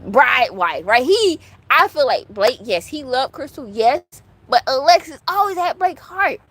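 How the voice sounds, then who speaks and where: Woman vlogger with a higher voice, casual and rambling, recorded dry and close. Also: very animated, a little slow, a bit bright, no echo. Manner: rambling, chatty, full of asides and fillers; fan of classic TV soaps. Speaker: channel host answering viewer questions. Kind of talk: casual chat.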